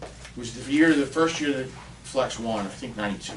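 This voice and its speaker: Faint hiss and a roomy, distant sound surround a man who seems set back from the mic. A podcast guest with a medium pitch and a fairly quick pace, he tells a story in casual chat, animated and fully into the quotes he acts out.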